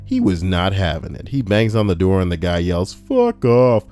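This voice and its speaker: A young man casually reading a list aloud on a live stream and chatting with viewers, animated and prone to ranting in put-on voices. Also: fairly quick. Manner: animated, breaks into high-pitched put-on voices and rants. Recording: soft music underneath. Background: soft background music.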